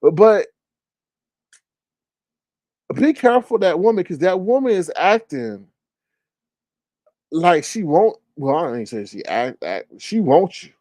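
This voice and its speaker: A man hosting casual gossip commentary, talking in an animated, incredulous way and swearing freely. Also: sits high, dry recording. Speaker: commentary channel host.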